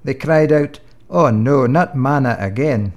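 A man playing God as a patient, fatherly deity in a comic sketch, dry and gently joking. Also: mid-range voice, a little slow, lightly acted. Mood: exasperated.

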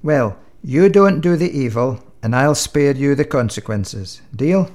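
A man playing God as a patient, fatherly deity in a comic sketch, dry and gently joking. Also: mid-range voice, animated, a little slow, natural voice. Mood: reasoning.

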